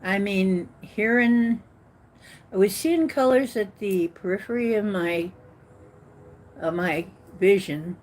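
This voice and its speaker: A woman hosting a casual live-stream chat, rambling and giggly with many fillers, swinging from loud exclamations to trailing murmurs. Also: medium pitch, slow, long pauses, poor audio. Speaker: host.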